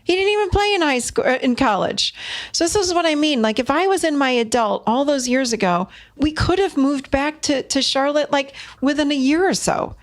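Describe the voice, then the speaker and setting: A middle-aged woman hosting a podcast, giving parenting advice in an animated, emphatic way, repeating phrases for effect and laughing as she talks. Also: sits high, moderate pace. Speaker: podcast host. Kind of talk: solo podcast talk, coaching advice.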